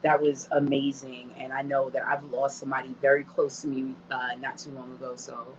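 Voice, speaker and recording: A woman with a rumbling low voice hosts a casual online show, speaking briskly in a level tone straight to her audience. She is openly moved and emotional. The stream audio is dull and lo-fi, with background noise.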